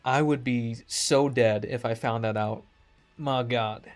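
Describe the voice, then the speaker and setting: A man's voice: medium pitch, fairly even intonation, slow, soft background music. A man ranting casually to his stream chat, sarcastic, swearing freely, laughing often.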